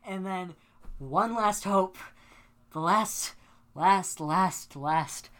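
Woman co-host with a low voice and a worked-up, swear-heavy recap style for casual podcast chat. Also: extremely slow. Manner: animated, profane storytelling with dramatic reenactments.

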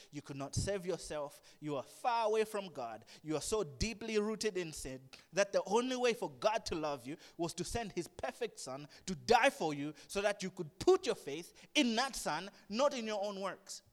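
A man preaching a sermon, animated, swinging from hushed asides to loud emphatic bursts. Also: fairly high pitch. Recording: long reverb of a large hall.

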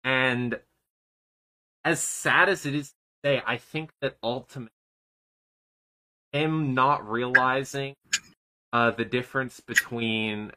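A man co-hosting a casual commentary podcast, his voice bright and a little sharp. He rambles, swears freely and lets his sentences trail off. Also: mid-range voice, fairly even intonation, slow, long pauses, smooth, low-quality recording. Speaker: podcast co-host.

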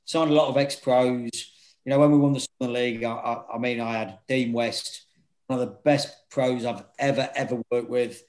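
A man's voice: mid-range voice, moderate pace, low-quality recording. A man, a former football manager, telling stories in casual chat, swearing and acting out quotes. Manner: swearing, animated, acts out quotes.

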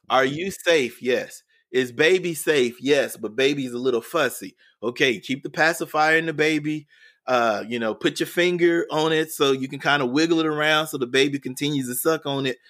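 A male educator appearing as a guest on a podcast interview tells a story in a medium-pitched, fairly bright voice. He's earnest and repeats words and phrases as he builds the story.

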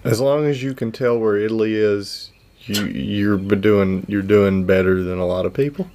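Podcast co-host, Kentucky man, low voice, loose swearing rants. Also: steady tone, moderate pace, a little mellow, a little hiss or hum. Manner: ranting, joking, swears freely. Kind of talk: casual podcast banter.

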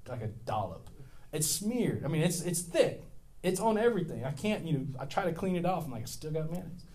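A middle-aged male pastor preaching a sermon in a casual, storytelling way, with self-deprecating humor and big swings in volume. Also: high voice.

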